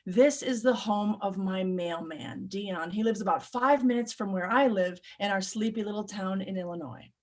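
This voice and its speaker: Animated woman telling a true story. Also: mid-range voice, moderate pace, few pauses. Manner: animated, swings between loud urgency and hushed tones. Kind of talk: live personal storytelling.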